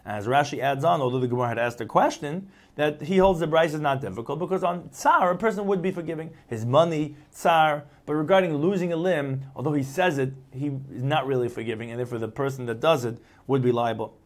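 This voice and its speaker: Man teaching a Talmud lesson, slightly high voice. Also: a little fast, few pauses. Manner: explains each phrase in English after reading it; acts out quoted replies with changing tone. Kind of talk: Talmud lecture.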